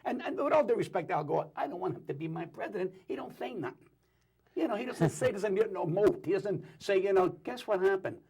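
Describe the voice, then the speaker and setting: Fast-talking gravelly wisecracking man. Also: high-pitched, lively intonation, darkish tone. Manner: rapid, joking, wisecracking storyteller. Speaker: talk show guest. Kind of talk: animated talk show banter.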